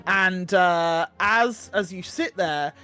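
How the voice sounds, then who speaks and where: Casting: a high-voiced dungeon master, loose and chatty, with faint music behind. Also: male voice, takes it slowly, pushed and bright, smooth. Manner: casual, many fillers, laughing. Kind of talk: narrating a tabletop game.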